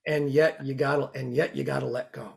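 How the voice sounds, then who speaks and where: A man's voice: medium pitch, fairly even intonation, a little fast, gravelly, a little mellow. A man hosting an interview show, talking in an earnest, reflective way with frequent restarts. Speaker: podcast host. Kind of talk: casual interview chat. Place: New York.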